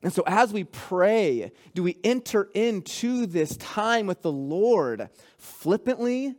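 A man's voice: sits high, lively intonation, slow pace. A man preaching a sermon to his congregation as pastor, calling out to the church. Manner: preaching with rising intensity, calls to the congregation.

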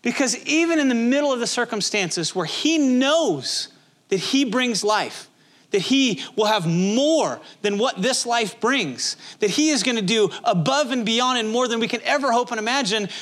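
A man's voice: extremely high pitch, lively intonation, moderate pace, a bit bright. A male pastor preaching a sermon in a conversational, emphatic way, with many rhetorical questions.

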